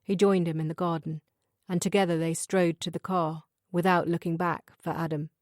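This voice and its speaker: A woman narrating a thriller audiobook in a measured, even reading style. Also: on the low side, no room sound, studio quality. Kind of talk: scripted narration.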